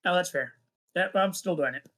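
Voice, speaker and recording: Player guy in a tabletop game, kinda high voice, slowly reads out his rolls. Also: bright, forceful tone. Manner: deliberate, counting out rolls.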